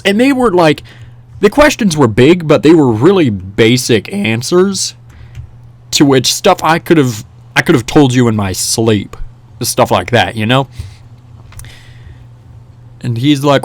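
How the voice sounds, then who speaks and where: A man's voice: mid-range voice, unhurried, long pauses, no echo. Rambling young man telling a story. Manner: rambling, animated, many restarts and fillers. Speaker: vlogger. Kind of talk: casual storytelling over gameplay.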